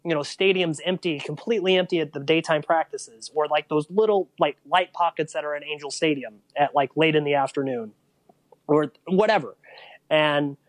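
A man in his thirties from St. Louis talks casually on a podcast, acting out every side of the conversations he recounts. His voice sits a little higher than most men's. The sound is close and dry, with no room echo. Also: moderate pace. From St. Louis, USA. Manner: animated storyteller who acts out quoted dialogue. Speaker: guest, motocross journalist and photographer.

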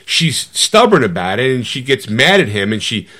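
Animated man retelling a movie plot. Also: mid-range voice, normal speed. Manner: animated storytelling, slipping into quoted voices; loose, rambling with fillers and restarts. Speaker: podcast co-host.

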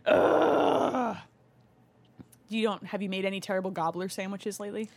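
A woman's voice: medium pitch, little pitch movement, very fast. A woman in her thirties co-hosting a podcast from her home basement, chatting casually and laughing, putting on silly voices for her kids. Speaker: podcast co-host. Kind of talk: casual chat.

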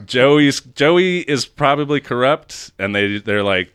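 A man co-hosting a podcast, recapping a bad movie in casual chat, sarcastic and quick to laugh. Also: medium pitch, clear, resonant tone. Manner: sarcastic, animated, laughs often, swears. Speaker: podcast co-host.

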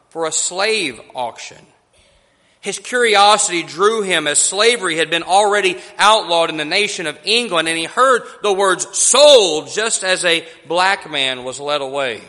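Male preacher, high bright voice, slow deliberate sermon storytelling, long church-hall reverb.

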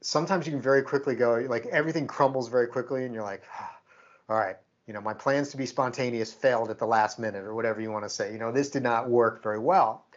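Man, podcast co-host, casual storytelling, animated quoting, average pitch, dull lo-fi audio. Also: quick pace, hardly any pauses. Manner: animated, acts out quoted exchanges.

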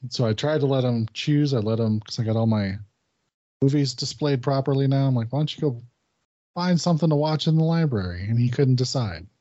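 On dull, lo-fi podcast audio without echo, a male co-host chats casually at a brisk clip. His mellow voice sits in the mid-range as he relates a story, cursing and imitating what his friend said.

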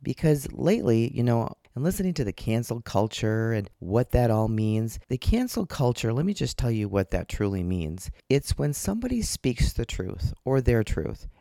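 Male podcast host, mellow, reflective storyteller, solo from home. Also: mid-range voice, sing-song, moderate pace, vocal fry, hardly any pauses, no echo, studio quality. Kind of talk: casual solo podcast monologue. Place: home, sitting on a couch. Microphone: portable microphone attached to a phone.

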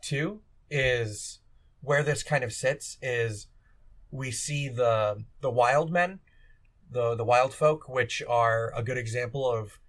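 A man's voice: mid-range voice, slow. A man hosting a podcast, chatting casually with his guests about a film. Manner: relaxed, thanks guests and signs off. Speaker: podcast host.

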